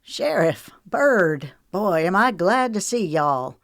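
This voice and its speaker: A woman voicing a nervous, cornered young man who talks fast and loud, in an audiobook reading. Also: fairly low pitch, very animated, dry recording, studio quality, exaggerated voice. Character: agitated young man lashing out in panic.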